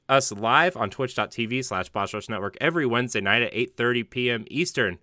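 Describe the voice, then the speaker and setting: A man's voice: medium pitch, pushed and bright, no room sound, clean studio sound. A man hosting a gaming podcast, rambling and self-deprecating with frequent laughs, tired from lack of sleep. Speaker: podcast host. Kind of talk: casual podcast chat and show plugs.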